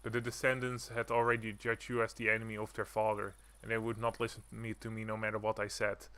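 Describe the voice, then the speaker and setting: Man voicing a formal noble mouse, squeaky interjections, stiff old-fashioned speech, low voice, forceful tone. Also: completely flat delivery, quick pace, no echo. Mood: solemn. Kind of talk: reading game dialogue aloud.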